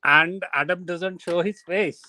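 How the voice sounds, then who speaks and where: A man's voice: high-pitched, fairly even intonation, a little slow, sharp tone. A man calling into a live debate stream, insisting on getting back to the topic. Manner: insistent, pushes to change topic. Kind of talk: call-in debate.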